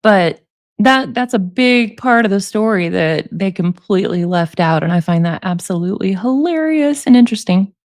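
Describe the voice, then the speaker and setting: A woman's voice: mid-range voice, lively intonation, normal speed, darkish tone, dry recording, studio quality. A woman reads out emails and comments on them in a chatty, wry way. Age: 40s. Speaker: commentary YouTuber.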